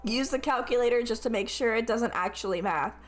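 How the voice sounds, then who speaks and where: This woman's fairly high voice moves briskly as she streams a tabletop-style game with an AI game master, reading the narration aloud. She swears often, laughs, and asks how to say words, while soft background music plays.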